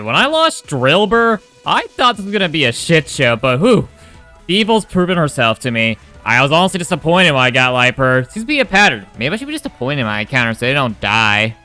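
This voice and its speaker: A man casually commenting on his own video game run, wry and quick to swear. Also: fairly high pitch, pushed and bright. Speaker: gaming YouTuber.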